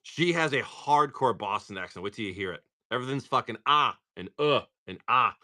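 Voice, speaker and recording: A man's voice: medium pitch, animated, fairly quick, pushed and bright, dry recording, studio quality. A man chatting casually on a livestream, swearing freely and reading off card names as he opens packs. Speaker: livestream card-pack opener.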